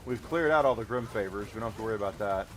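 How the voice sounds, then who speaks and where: A man's voice: on the low side, rapid-fire, a bit bright, slight background noise. A man streaming a game live, chatting casually and thanking viewers as he plays.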